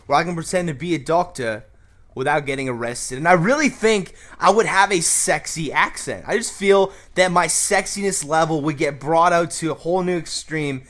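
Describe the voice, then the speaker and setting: A man hosting a comedic advice vlog and shouting hyped gameplay commentary, brash and crude with constant jokes. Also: a little high, moderate pace. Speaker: YouTube host.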